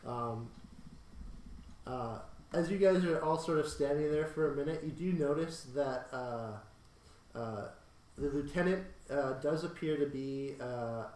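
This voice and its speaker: Halting young-sounding game master man. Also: a little high, darkish tone, reverberant, distant mic, poor audio. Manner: halting, many ums and uhs. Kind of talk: narrating a tabletop game.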